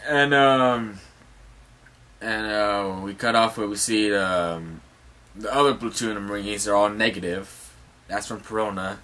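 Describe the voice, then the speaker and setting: A man's voice: fairly low pitch, a little slow, pushed and bright. A man casually recapping a comic chapter as host, rambling with many fillers and restarts and some swearing.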